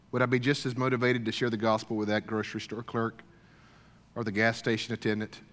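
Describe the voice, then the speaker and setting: A middle-aged man preaches in an easy, folksy storytelling way, with plenty of fillers and throat-clearing. His voice sits at an ordinary middle pitch for a man. It carries a long reverb, as if he is in a big hall. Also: bright, forceful tone. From Deep South, USA. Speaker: speaker at a church gathering. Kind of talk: storytelling sermon.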